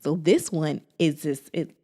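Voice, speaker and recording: A woman with a lower voice talks straight to her viewers in a casual, encouraging vlog. She is animated and sassy, swinging from playful asides to heartfelt encouragement like a big sister. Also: measured pace. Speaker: faith and lifestyle vlogger. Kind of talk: casual encouraging talk to camera.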